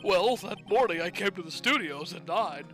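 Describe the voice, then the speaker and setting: An earnest, timid young male actor, read out by a man. The voice is bright and lively in pitch. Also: normal speed, soft background music.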